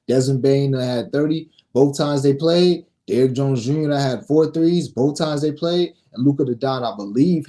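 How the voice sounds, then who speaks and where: A man's voice: medium pitch, mellow. A man hosting a sports betting show, reading picks in a brash, profane, casual way and scolding his viewers.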